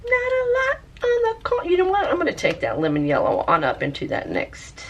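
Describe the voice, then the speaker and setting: A woman's voice: sits high, huge pitch swings, brisk. A woman chatting her way through a tie dye session with lots of fillers. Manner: chatty, rambling, many fillers. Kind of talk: casual craft demo. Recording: faint background noise.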